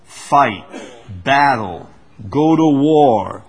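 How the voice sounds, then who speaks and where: Slow, animated man teaching a Bible study. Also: mid-range voice. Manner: animated, stresses quoted verses slowly, laughs often.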